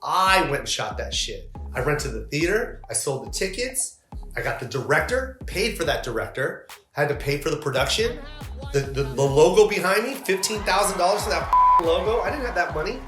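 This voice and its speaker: A man's voice: a little high, animated, moderate pace, roomy sound, over music. A male comedian talking in an interview, emphatic and indignant, with a lot of swearing. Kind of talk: animated interview talk.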